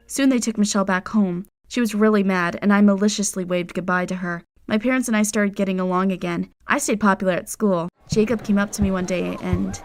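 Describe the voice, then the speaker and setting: Woman, storytime narrator, dramatic first-person telling, mid-pitched voice, music underneath. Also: fast, few pauses. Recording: music playing behind.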